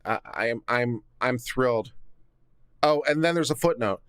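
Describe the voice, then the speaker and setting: A man's voice: mid-range voice, normal speed, fairly bright tone, clear, resonant tone, no room sound. A man giving casual legal commentary, reading court filings aloud and mocking them with sarcastic asides, on a studio condenser mic. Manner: sarcastic, reads documents aloud then mocks them.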